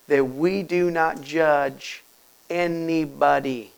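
A man preaching a sermon as pastor, moving from quiet, close talk to loud, urgent passages and acting out quoted voices. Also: fairly high pitch, gravelly, low-quality recording. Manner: acts out quoted voices and asks rhetorical questions.

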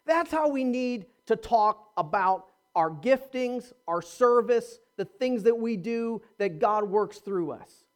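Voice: mid-range voice, expressive, takes it slowly, hardly any pauses. A pastor preaching a sermon, emphatic, repeating words and restarting phrases, and asking the congregation rhetorical questions. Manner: swings from quiet asides to near-shouting.

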